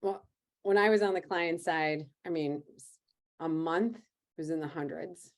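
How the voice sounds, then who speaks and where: A woman's voice: low-pitched, unhurried. A woman hosting a podcast, giving brief, agreeable responses in casual chat. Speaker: podcast host.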